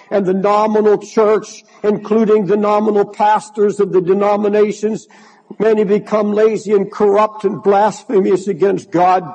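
Older pastor preaching with a husky voice. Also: male voice, high-pitched, dark tone, low-quality recording. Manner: impassioned preaching, repeats words. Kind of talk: sermon.

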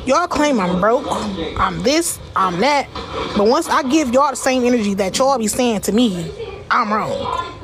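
A woman's voice: fairly high pitch, expressive, measured pace. A woman livestreaming to her viewers in a casual rant, combative and profane, who repeats words as she restarts her sentences.

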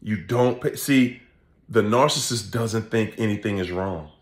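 A man, hosting a casual comedic vlog rant, laughing often and animated as he acts out quoted voices. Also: on the low side, measured pace. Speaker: channel host and coach. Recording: echoey room.

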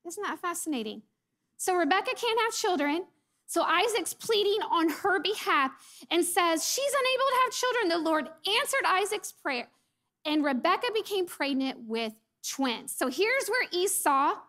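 A woman preaching a sermon. She is a mother who acts out the lines she quotes and sometimes drops to a soft near-whisper. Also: high voice.

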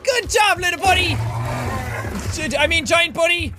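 A man in his twenties giving excitable let's play commentary, talking to an in-game creature like a pet and swearing now and then. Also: extremely high pitch, normal speed, background noise. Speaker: gaming video host.

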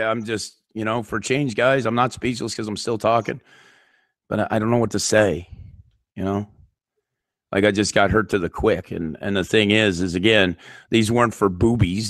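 A man's voice: on the low side, dry recording, studio quality. A man hosting a live stream, upset and near tears, swearing constantly as he pleads with his viewers. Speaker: YouTube channel host. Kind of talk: emotional live-stream rant.

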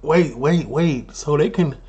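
A man with a Chicago accent hosting a reaction video, chatting casually with animated, laughing asides. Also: on the high side, slow pace, lo-fi sound, faint music behind.

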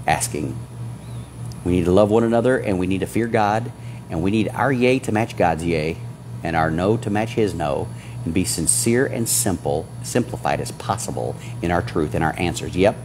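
A man's voice: low-pitched, background noise. A man preaching a sermon as pastor, exhorting his congregation with fervor.

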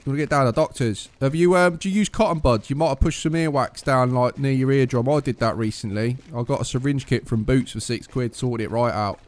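A man's voice: medium pitch, a little fast, few pauses, slight background noise. A young man, chatting cheekily and swearing while playing an online game. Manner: cheeky, joking, swears freely. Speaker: gaming video host. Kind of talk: casual game commentary over voice chat.

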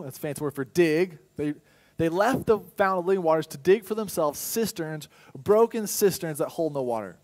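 Young male pastor, fairly high voice, animated sermon delivery with bursts of loud acted-out dialogue. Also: normal speed. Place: church.

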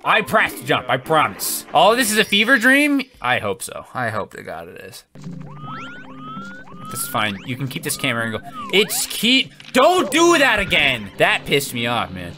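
A man commentating his own gameplay as host, frantic and yelling at the game, with game music behind him. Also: a little high.

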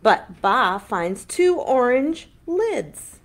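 A woman with a high, bright voice leads a children's storytime, swooping up and down with big sing-song emphasis. She takes her time and reads slowly for little listeners. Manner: animated, exaggerated sing-song delivery for young children. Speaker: children's librarian hosting storytime. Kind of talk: online children's storytime read-aloud.

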